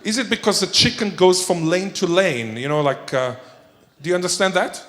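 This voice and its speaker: A man speaks to a conference audience in a playful, joking manner. His voice sits a little high, and he tosses questions to the listeners between points. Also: normal speed, fairly bright tone. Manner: playful, jokey, quizzes the audience. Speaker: keynote speaker. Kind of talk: conference keynote talk.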